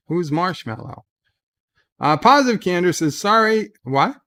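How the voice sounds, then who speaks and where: Chatty man with a higher voice. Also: big pitch swings, a little slow, fairly bright tone. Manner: chatty and rambling, with frequent "uh" and restarts. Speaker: livestream host. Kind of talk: casual livestream chat, reading viewer comments aloud. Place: at home in bed.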